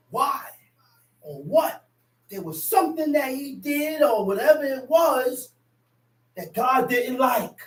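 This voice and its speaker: A woman preaches with fiery, dramatic force, her voice pitched very high and often rising to a shout. She is recorded from a distance, so the sound is roomy and echoey. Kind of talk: sermon. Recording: echoey room from a distant mic.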